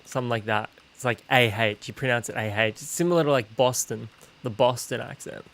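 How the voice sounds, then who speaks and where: Aussie guy streaming, chill and chatty, bit sweary, average pitch. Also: a little fast, noisy background. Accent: Australian. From Australia. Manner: relaxed, chatty, swears casually. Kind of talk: casual chat while gaming.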